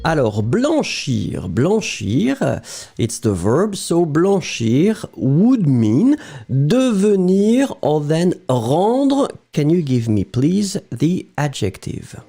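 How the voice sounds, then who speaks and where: A man's voice: on the high side, wildly swooping pitch, extremely slow, vocal fry, mellow, soft background music. A man with a French accent teaching a live online language lesson, explaining patiently and greeting viewers by name.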